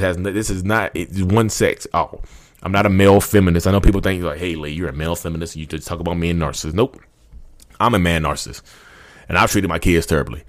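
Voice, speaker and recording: Podcast host, man in his thirties, low voice, rapid impassioned rant, repeats himself. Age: 30s. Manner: rambling, repetitive, fervent, addresses listeners as y'all.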